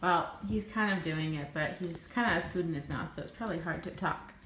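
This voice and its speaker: Young mom, sing-song coaxing voice, in an echoey room with a faint hum. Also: female voice, a little fast, a bit bright. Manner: sing-song and encouraging, swooping up in pitch. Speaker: mother. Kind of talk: coaxing her toddler on camera.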